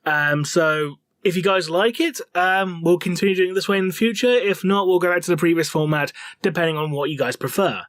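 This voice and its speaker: A man co-hosting a lore livestream, talking in a relaxed, jokey way with lots of fillers. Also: sits high, a little fast, few pauses, no echo, studio quality. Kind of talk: casual livestream chat.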